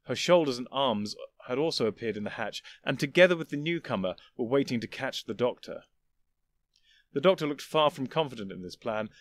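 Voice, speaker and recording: Male narrator, mid-pitch, dry close recording, steady dramatic reading. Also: dry recording. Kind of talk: audiobook narration of fan fiction.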